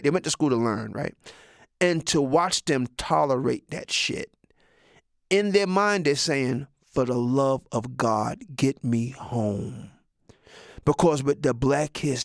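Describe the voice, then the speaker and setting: Brief: sixty-something male comic, high voice, foul-mouthed and rambling, dry close sound. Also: dry recording. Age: 60s. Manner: profane, rambling, animated. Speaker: comedian. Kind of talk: stand-up monologue.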